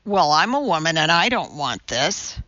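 A woman's voice: sits low, very animated, normal speed, sharp tone, dry recording, dull audio, heavily acted. A woman voicing a blunt, serious woman who hosts a cooking show, speaking sternly and directly.

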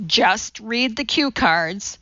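A woman's voice: fairly high pitch, expressive, takes it slowly, pushed and bright, no echo, highs cut off, heavily acted. A woman voicing an anxious male TV producer who pleads and frets. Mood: pleading. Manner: pleading, flustered.

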